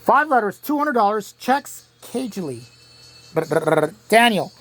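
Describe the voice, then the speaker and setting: A woman hosting a home-made crossword game show, reading clues and spelling answers letter by letter, pausing and restarting often. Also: mid-range voice, very animated, fairly bright tone. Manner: halting, with frequent restarts.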